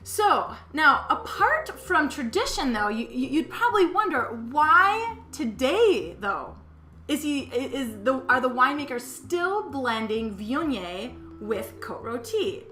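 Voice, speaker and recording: Midwestern woman hosting a chatty wine class, fairly high voice, echoey room. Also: takes it slowly, soft background music. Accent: Midwestern American. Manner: chatty, animated, with frequent fillers and restarts. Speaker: wine school owner and teacher. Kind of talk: presenting a wine lesson with slides. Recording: echoey room with faint background noise.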